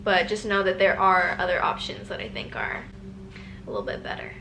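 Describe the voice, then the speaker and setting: A woman's voice: on the low side, very animated, brisk, vocal fry, bright, forceful tone, a little hiss or hum. A woman in her twenties chatting casually while answering viewer questions in a vlog, peppering her talk with "like" and casual slang. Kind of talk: casual advice Q&A chat.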